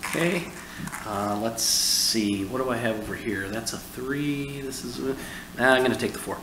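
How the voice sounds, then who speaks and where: A man's voice: mid-range voice, normal speed. A man with a Midwestern American accent co-hosting a casual board game playthrough, easygoing and thinking his moves through aloud. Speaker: co-host. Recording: echoey room, faint room noise.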